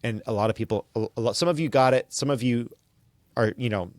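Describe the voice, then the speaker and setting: A man's voice: medium pitch, quick pace, darkish tone, dry recording. Earnest man preaching on a podcast. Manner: earnest, preaching, reads quotes aloud. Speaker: podcast host. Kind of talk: sermon-like commentary.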